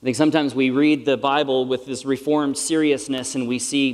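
A middle-aged pastor preaches a sermon to a live audience in a large, reverberant hall. His medium-pitched voice stays steady and fairly quick with hardly any pauses, and his manner is conversational, earnest and self-deprecating.

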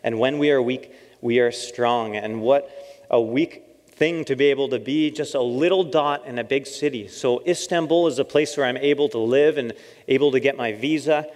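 A man giving a lively storytelling talk as a missionary, acting out his own quoted lines and laughing often. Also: medium pitch, normal speed. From Canada. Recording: long hall reverb.

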